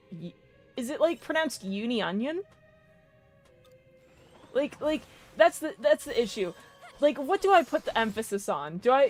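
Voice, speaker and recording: A young woman giving casual, rambling commentary while streaming a game, swearing and laughing often. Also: on the high side.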